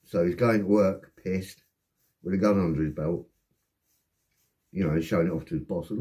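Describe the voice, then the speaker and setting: A man telling a rambling, heavily sworn personal anecdote in a casual, animated way. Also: low voice, normal speed, long pauses. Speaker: storyteller.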